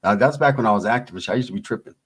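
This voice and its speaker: A man's voice: medium pitch, very fast, breathy edge. A middle-aged man co-hosting a casual livestream, reading out chat messages and talking in streetwise slang. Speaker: livestream co-host.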